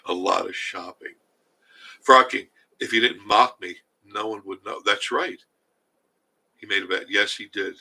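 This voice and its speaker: An older man hosting a casual live stream, reading viewer comments and chatting in a rambling way with a husky voice. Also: fairly low pitch, fairly even intonation, measured pace, sharp tone, low-quality recording. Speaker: livestream host reading chat.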